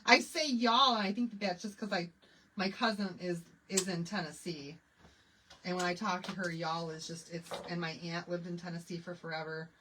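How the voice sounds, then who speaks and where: A woman's voice: fairly low pitch, fairly even intonation, moderate pace. Chatty woman with a Michigan accent. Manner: chatty, thinks aloud, laughs often. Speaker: craft vlogger. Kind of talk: casual chat while crafting. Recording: distant mic with faint background noise.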